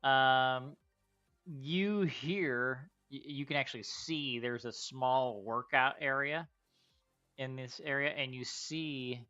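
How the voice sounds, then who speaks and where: Game master narration, man, bright clear voice, halting delivery. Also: medium pitch, dull audio, soft background music. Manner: halting, with many fillers.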